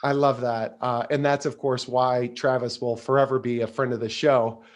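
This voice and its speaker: A man's voice: medium pitch, little pitch movement, normal speed. A man hosting a podcast interview, effusive and full of praise, with frequent filler sounds. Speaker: podcast host.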